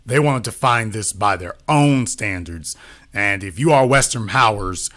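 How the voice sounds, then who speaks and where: A man's voice: lowish voice, expressive, measured pace, fairly bright tone. A man talking as a political commentator in a casual discussion, often repeating himself and asking rhetorical questions.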